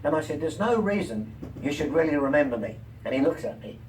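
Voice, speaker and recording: An older man, a comedian and talk-show guest, telling lively anecdotes and voicing the people in them. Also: fairly high pitch, fairly quick. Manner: lively, quotes people in animated voices. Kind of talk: anecdotal storytelling. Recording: distant mic, faint room noise.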